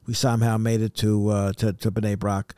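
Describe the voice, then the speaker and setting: A man co-hosting a casual podcast chat, speaking thoughtfully and haltingly, pausing often to search for words. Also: lowish voice, level tone, a little mellow, clear, resonant tone, dry recording. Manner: thoughtful, halting, many uh fillers.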